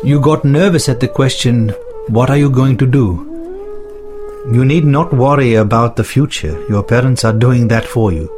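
An earnest, principled leader speaks in slow, solemn, formal sentences, as a man reads his words. The voice sits at a middle pitch. Sitar music plays clearly behind him. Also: close to an everyday voice. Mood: tender. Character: earnest male leader writing to followers and son. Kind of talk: documentary reading of historical letters and speeches.

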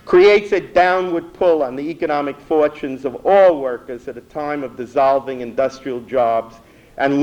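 A man reading a prepared history talk in a measured, earnest way, with a few stumbles. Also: mid-range voice, darkish tone, dull audio. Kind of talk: read lecture.

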